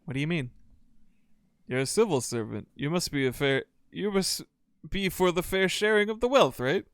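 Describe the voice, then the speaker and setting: A man's voice: on the high side, moderate pace, smooth, no room sound, clean studio sound, close to an everyday voice. A man voicing a friendly, earnest male sawmill worker who rallies people to his side.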